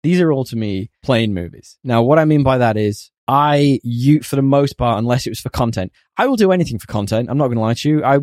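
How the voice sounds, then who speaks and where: A man's voice: medium pitch, expressive, a little fast, few pauses, a little mellow, no echo, clean studio sound. A man co-hosting a casual film podcast, blunt and swearing freely as he talks. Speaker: podcast co-host. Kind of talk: casual film review chat.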